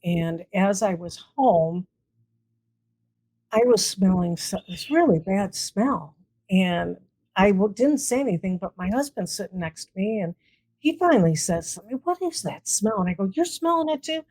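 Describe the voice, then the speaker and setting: Her medium-pitched voice moves a little slowly as she, a paranormal investigator, answers as an interview guest. She tells stories casually and animatedly, acting out what people said. The recording is dry and the audio poor.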